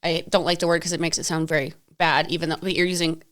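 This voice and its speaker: A woman's voice: sits low, flat delivery, fast, fairly bright tone. A woman hosting a podcast in casual chat, speaking frankly and swearing freely. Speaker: podcast host.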